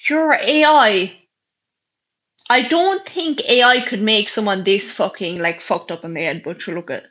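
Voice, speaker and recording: In an unhurried, mid-range voice that's a bit bright, a young woman from Ireland chats on a livestream. She reads viewers' comments and responds bluntly, with heavy swearing and sarcasm, and the stream audio is dull and lo-fi.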